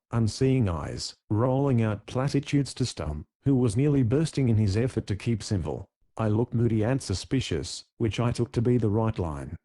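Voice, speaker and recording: A man narrating an audiobook in scripted style. His voice is mellow and relaxed. He keeps an even, measured pace through the story. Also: mid-range voice.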